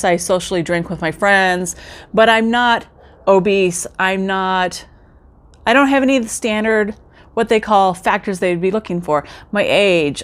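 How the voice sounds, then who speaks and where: A middle-aged woman telling her own story in a casual vlog, chatty and talking straight to her viewers. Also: medium pitch. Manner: chatty, addresses viewers directly, acts out quoted remarks.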